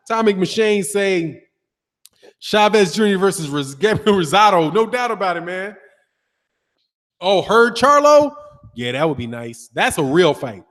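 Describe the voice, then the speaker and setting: A man hosts a boxing livestream in a slangy, laughing chat voice that sits high. He reads out viewer comments and keeps throwing in "man" and "dog." The sound carries a long reverb. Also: lively intonation, measured pace, fairly bright tone. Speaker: boxing channel host.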